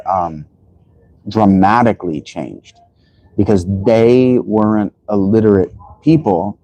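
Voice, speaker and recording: Low, dark-voiced man lecturing on a livestream. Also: dry recording, poor audio. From United States. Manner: rambling, lecturing, many restarts and fillers. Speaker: livestream host. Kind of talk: casual livestream monologue.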